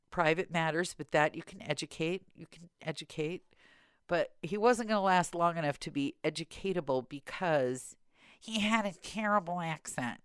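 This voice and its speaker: A woman's voice: low voice, clear, resonant tone, no room sound, clean studio sound. A woman hosting a podcast in casual chat, telling wry, self-deprecating dating stories. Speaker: podcast host.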